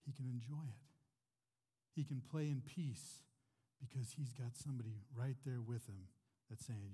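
A male pastor preaching in a relaxed, conversational way, putting rhetorical questions to his congregation. His voice is warm and mellow, at an ordinary pitch. It rings with the long reverb of a church hall. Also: moderate pace, husky. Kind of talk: sermon.

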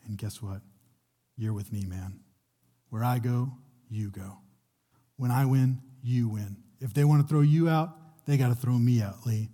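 A young man gives a sermon with a mellow, somewhat husky voice. He preaches conversationally, often restarting his phrases as he builds a point. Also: medium pitch, measured pace. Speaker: pastor.

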